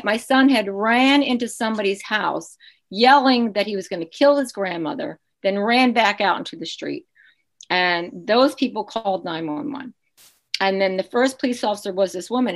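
Speaking at a medium pitch, a podcast guest in her fifties relates a painful chapter of her life. Her telling is heartfelt and emotional, with many restarts.

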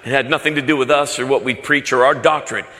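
A man's voice: mid-range voice, fairly even intonation, fast, sharp tone, in a large hall, slight background noise. A man preaching a sermon, telling stories with rising passion. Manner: storytelling, impassioned. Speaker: pastor.

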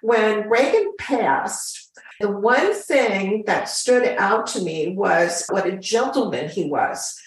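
An older woman, a former flight attendant, telling a story as an interview guest in a chatty, animated way. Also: mid-range voice, takes it slowly, far from the mic. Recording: very echoey room.

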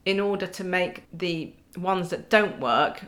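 A woman's voice: on the low side, a little slow, fairly bright tone. Wry woman laughing through her story. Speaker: podcast guest. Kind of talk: casual chat.

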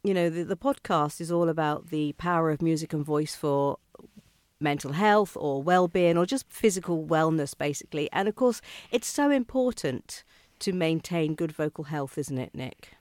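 A podcast host interviewing a guest, speaking in a halting way with repeated words and many fillers. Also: mid-range voice, darkish tone, no room sound. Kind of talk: interview questions and chat.

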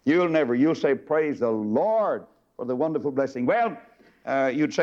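A middle-aged preacher man giving a fiery sermon, swinging from booming declarations to low, confiding folksy asides. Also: animated, normal speed, a little mellow, muffled recording.

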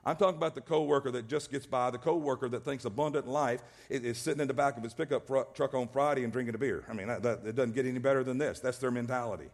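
A man's voice: mid-range voice, quick pace, hardly any pauses. A male pastor preaching a sermon, emphatic and repetitive, often restarting his words. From American South.

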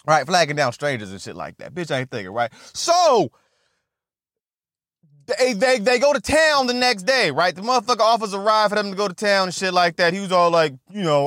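A man retelling a film plot in casual, profane, animated talk, often stammering and repeating himself. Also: high voice, brisk, no echo, studio quality. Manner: animated, repetitive, swears constantly, stammers on restarts. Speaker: movie recap vlogger.

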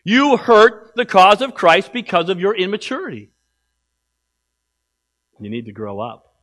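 A man preaching a sermon as pastor in a church, emphatic, swinging from loud exhortation to quiet asides. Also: high-pitched, huge pitch swings, a little slow.

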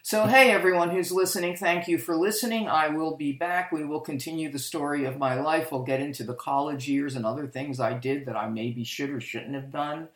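An older woman whose voice sits low talks fairly quickly with hardly any pauses, recorded at home in an echoey room. For a podcast she narrates her life story in a candid, rambling monologue, often correcting herself.

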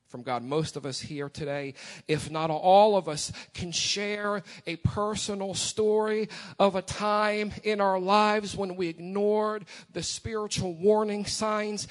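A man in his forties preaching a sermon in church, asking the congregation questions and repeating lines for emphasis. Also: high voice. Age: 40s. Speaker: pastor. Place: church sanctuary.

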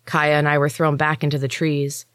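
A woman storyteller and author giving a steady, expressive first-person audiobook reading into a close mic. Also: sits low, moderate pace, smooth, no echo. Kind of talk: scripted audiobook narration.

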